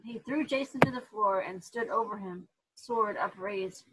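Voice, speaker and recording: A woman reading a children's book aloud in an expressive storytelling manner. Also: medium pitch, normal speed, slight background noise, low-quality recording. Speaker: reader to therapy dogs.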